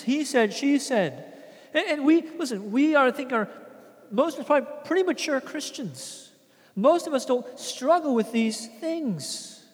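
Pastor type, male, very high voice, earnest conversational sermon delivery, hall echo. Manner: earnest, conversational preaching with acted-out quotes.

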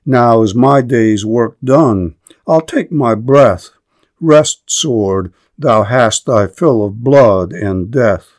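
Man voicing a proud trojan warrior prince, courteous, formal verse, slow delivery. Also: mid-range voice, animated, a little mellow. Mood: weary.

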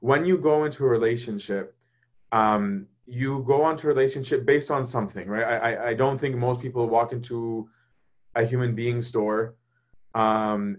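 A man's voice: medium pitch, normal speed, muffled recording. Chatty man teaching on faith. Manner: conversational, keeps checking in with "right?"; acts out quoted thoughts in lively voices. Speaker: speaker leading a faith discussion. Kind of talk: casual spoken teaching.

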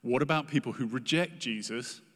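A man's voice: medium pitch, moderate pace, a bit bright. Earnest male preacher in a reverberant hall. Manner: earnest, emphatic, acts out quoted prayers. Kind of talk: sermon.

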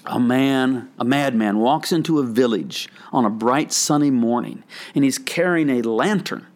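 A man's voice: mid-range voice, unhurried, a little mellow. An older man, a pastor and author, talking in a casual, reflective way and rambling as he tells stories in a podcast conversation. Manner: reflective, rambling storyteller with frequent restarts.

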